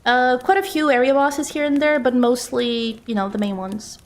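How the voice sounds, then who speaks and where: Chatty woman streamer, higher voice. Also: normal speed. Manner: chatty, reads out and answers viewer messages. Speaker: game streamer. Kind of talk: casual live-stream chat while playing.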